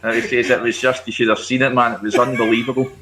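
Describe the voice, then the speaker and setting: A man's voice: medium pitch, flat delivery, fast, noisy background. A Scottish man on a podcast panel, telling a story with a hesitant manner and many ums. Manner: hesitant, lots of ums and uhs. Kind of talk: casual chat.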